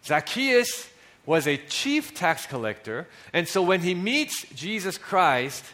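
A preacher with a lively voice. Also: male voice, high-pitched, slow. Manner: conversational, with frequent fillers and restarts, dropping soft on key lines. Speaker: pastor. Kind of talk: sermon.

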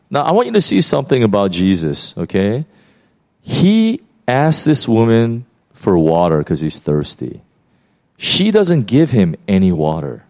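A man preaching a sermon, retelling a Bible story in a lively, conversational way with many fillers and restarts. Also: mid-range voice. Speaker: pastor.

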